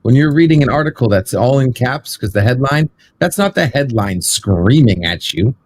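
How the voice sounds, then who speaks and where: A man in a casual debate, arguing his view with quick apologetic asides. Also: medium pitch, expressive.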